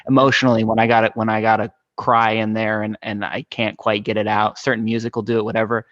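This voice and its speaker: A man's voice: on the low side, little pitch movement, quick pace, fairly bright tone, no echo, dull audio. A young man hosting a podcast, earnest and enthusiastic, stammering through restarts. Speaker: podcast host. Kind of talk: casual conversation.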